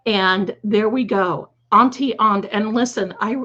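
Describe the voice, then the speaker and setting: Slightly hoarse woman hosting a stream, slow and chatty, kinda dull lo-fi sound. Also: medium pitch, bright, forceful tone. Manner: chatty, fond, calls viewers "my darlings". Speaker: livestream host. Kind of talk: casual livestream chat.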